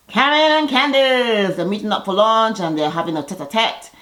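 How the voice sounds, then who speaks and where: A woman's voice: moderate pace, low-quality recording. Chatty lady vlogger doing a reality tv recap, gossipy and opinionated, voice jumps up a lot. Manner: lively, gossipy, opinionated with sudden pitch jumps.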